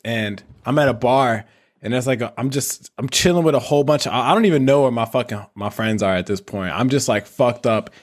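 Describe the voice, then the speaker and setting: A man co-hosting a casual podcast, telling a rowdy story with lots of swearing and quick put-on voices. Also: medium pitch. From St. Louis, Missouri. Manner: animated storyteller, swears freely, puts on voices for others. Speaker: podcast co-host. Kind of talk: casual chat.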